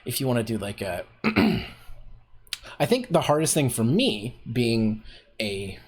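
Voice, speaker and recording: A man's voice: mid-range voice, big pitch swings, unhurried, husky. A man hosting a casual voice acting workshop on a stream, talking loosely with lots of filler words. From Canada. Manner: loose and rambling, heavy on fillers like "like" and "um". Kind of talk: casual livestream teaching.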